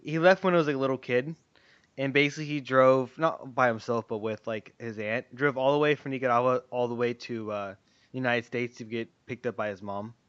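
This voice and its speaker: A man hosting a podcast, talking in a relaxed, agreeable way in casual chat. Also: mid-range voice, a little fast, clear, resonant tone, no echo, lo-fi sound. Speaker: podcast host.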